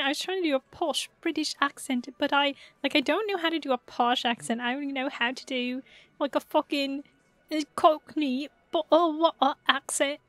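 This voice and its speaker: Giggly high-voiced woman streamer. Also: fairly bright tone, dry recording. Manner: giggly, rambling, playful. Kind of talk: casual live-stream chat.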